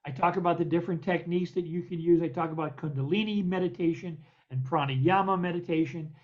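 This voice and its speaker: A man's voice: fairly high pitch, fast talker. An older American man, a guest poet, tells stories from his past in an interview. He acts out the other voices in his tales, stammers and repeats words. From United States. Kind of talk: anecdotal storytelling in an interview. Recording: dull lo-fi recording.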